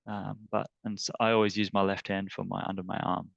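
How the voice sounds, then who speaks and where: Gravelly, earnest male wellness teacher. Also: low voice, level tone, fairly bright tone, dry recording, highs cut off. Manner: halting, filler-heavy, earnest. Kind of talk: guided tapping demonstration.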